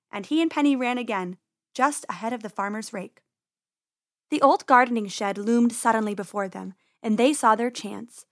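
A woman reading a children's story aloud in an expressive, lively way. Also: on the high side, dry recording, studio quality.

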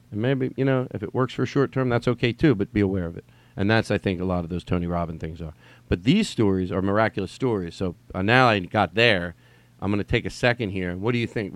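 A man with a lowish voice hosts a solo podcast from home during quarantine, with no echo on the recording. His casual monologue rambles and digresses, and he swears and repeats himself.

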